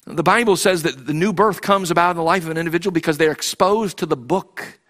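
Impassioned preacher, man, higher voice. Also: fast, a bit bright. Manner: impassioned, repetitive, with frequent restarts and rhetorical questions. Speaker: pastor. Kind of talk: sermon.

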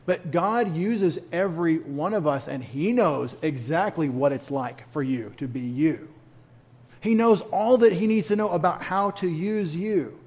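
A man's voice: a little high, a little mellow. A man leading a church Bible study in a folksy, conversational way, with humorous asides.

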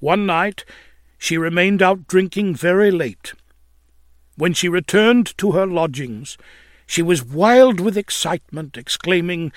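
Slow, solemn male narrator. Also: a little high, no echo, clean studio sound. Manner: solemn, mournful moral preaching, swelling in emphasis. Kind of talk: dramatic reading of an old religious tract.

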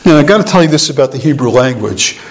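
A middle-aged man teaching in a conversational sermon, musing and halting with small chuckles. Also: mid-range voice, lively intonation, a little hiss or hum, poor audio. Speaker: preacher.

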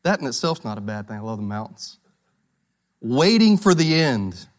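A man's voice: mid-range voice, big pitch swings, moderate pace. A man preaching a sermon to a congregation, repeating key phrases with emphasis and putting questions to his listeners. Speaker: pastor.

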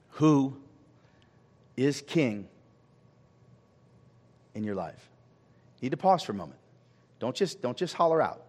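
A man's voice: medium pitch, long reverb tail. A man preaching a sermon as pastor, asking the congregation questions and repeating phrases for emphasis. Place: church sanctuary.

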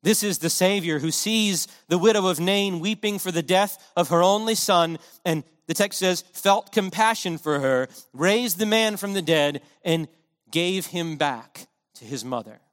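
A male preacher with a noticeably high voice, delivering his sermon with earnest passion and emphatic repetition. His words ring out with a long reverb, as if spoken in a large hall. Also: lively intonation, measured pace, fairly bright tone.

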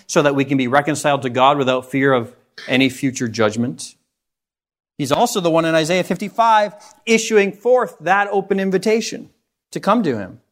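A man preaching a sermon, earnest and putting rhetorical questions to his listeners. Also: a little high.

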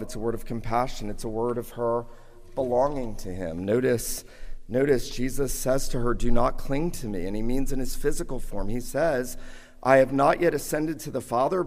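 A man's voice: mid-range voice, darkish tone. A pastor preaching a sermon, a man with a somewhat scratchy voice who builds earnestly to emphatic peaks. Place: church sanctuary. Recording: long hall reverb.

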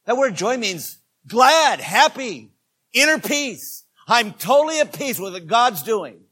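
A male pastor preaching a sermon, addressing his congregation directly and moving between loud exhortation and quieter asides. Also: extremely high pitch, sing-song, unhurried, husky.

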